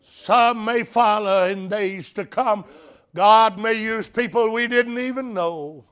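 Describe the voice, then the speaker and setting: A male preacher giving a sermon, stressing each point slowly and emphatically, with folksy storytelling. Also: high-pitched, fairly bright tone, clear, resonant tone.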